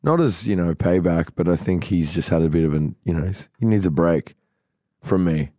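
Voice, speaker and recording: A man's voice: low-pitched, normal speed, mellow, no room sound, clean studio sound. A man co-hosting a podcast, chatting casually with joking, self-mocking banter. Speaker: podcast co-host. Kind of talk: casual chat.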